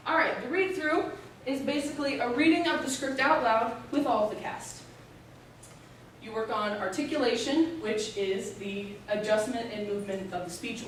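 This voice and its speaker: A woman's voice: on the high side, distant mic, a little hiss or hum. Young woman in an echoey room. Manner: explanatory, steady, with occasional filler pauses. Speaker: student presenter. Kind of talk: informative speech.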